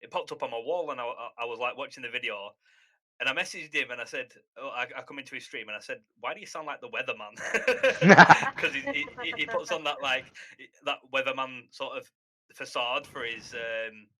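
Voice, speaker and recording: A man's voice: medium pitch, brisk, bright, forceful tone, rough recording. A man chatting casually on a podcast in an earnest way, often restarting his words. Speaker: podcast guest caster.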